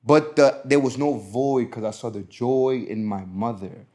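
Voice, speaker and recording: A man hosting a podcast, telling a personal story in casual chat, lively and quick to act out what others said. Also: medium pitch. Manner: animated storytelling, acting out quotes. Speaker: podcast host.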